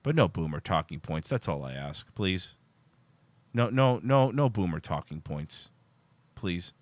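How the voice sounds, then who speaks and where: Man, livestream host, political rant, exasperated, lively pitch, dry close sound. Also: a little slow, no echo. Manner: heated, exasperated, lots of restarts. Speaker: show host.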